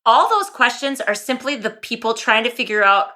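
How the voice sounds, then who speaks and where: A woman's voice: a little high, big pitch swings, normal speed, bright, forceful tone. A woman hosting a podcast interview, chatting emphatically and laughing easily. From small-town farm background. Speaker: podcast host.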